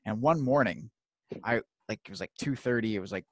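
A man's voice: fairly low pitch, a little fast, no room sound. A man in his thirties telling stories in casual chat, swearing freely and acting out the voices of people he quotes. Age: 30s.

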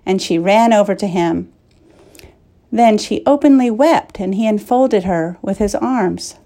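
Lady reading an audiobook, slow and mellow, even tone. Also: mid-range voice. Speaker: audiobook narrator. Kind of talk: audiobook narration.

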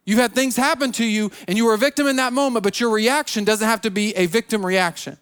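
A man preaches in a high, raised voice. He stumbles and repeats words as he goes, and he slips into the voices of people making excuses. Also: steady tone, fast talker, a bit bright, clear, resonant tone. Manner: repetitive, stammering restarts, acts out quoted excuses. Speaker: pastor. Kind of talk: sermon.

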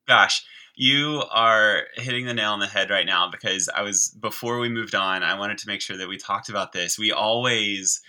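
A man's voice: on the low side, moderate pace, few pauses, sharp tone, low-quality recording. A man, a guest who teaches sign language, explaining eagerly and chattily in a conversational podcast interview.

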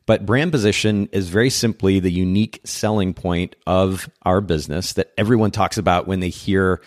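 A man's voice: low voice, moderate pace, no echo, clean studio sound. A man hosting a podcast in a chatty way, often restarting and rambling as he talks with his guest. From Japan. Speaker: podcast host. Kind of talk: casual podcast interview.

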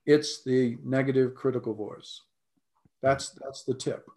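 An American man, a life coach, talking earnestly in a conversation, often clearing his throat and repeating his points. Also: mid-range voice, steady tone, unhurried, mellow.

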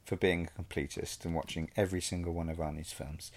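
A man's voice: low-pitched, flat delivery, quick pace. A man co-hosting a film podcast in casual chat, earnest and self-deprecating, sometimes mock-pleading. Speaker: podcast co-host.

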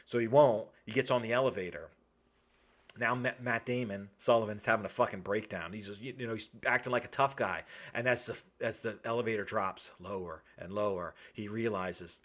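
A man's voice: lowish voice, brisk, fairly bright tone. A man co-hosting a casual chat, retelling a film's plot with lots of swearing and acted-out quotes. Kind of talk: casual movie recap chat.

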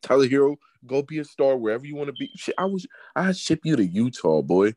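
A man's voice: mid-range voice, big pitch swings, fast, darkish tone, no echo. A man co-hosting a casual sports podcast, blunt, emphatic and heavy on profanity. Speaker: podcast co-host.

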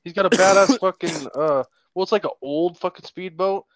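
A man's voice: sits high, moderate pace, no room sound. A man on a podcast telling a long story in a casual, rambling way with lots of swearing. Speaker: podcast co-host.

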